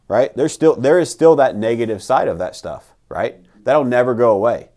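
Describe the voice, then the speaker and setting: Guy with a lowish voice hyping people up, blunt, swears, keeps saying "right?". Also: animated, normal speed, few pauses, darkish tone. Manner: emphatic, swears, repeats "right?". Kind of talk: motivational casual talk.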